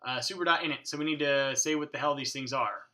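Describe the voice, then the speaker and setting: Guy at his desk coding, talks to the code like it's a person, pretty sharp bright voice, casual swearing. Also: medium pitch, fast. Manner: talks to his code, mutters and thinks aloud; mild swearing, joking asides. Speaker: programming tutorial host. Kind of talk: casual screencast coding walkthrough. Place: home desk.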